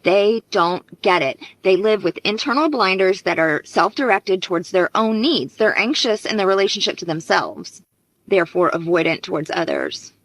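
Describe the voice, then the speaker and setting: A woman speaking as a relationship coach, explaining things earnestly and step by step. Her voice sits at an ordinary middle pitch and is recorded dry and close, with no room sound. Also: animated, normal speed, dry recording, poor audio. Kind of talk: direct-to-camera advice video.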